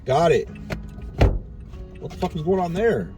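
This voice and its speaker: A man's voice: fairly high pitch, sing-song, a little slow. A man vlogging from his car as he drives, rambling and joking crudely to himself. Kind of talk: casual driving vlog monologue. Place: inside a car while driving. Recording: distant mic with music playing. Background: music.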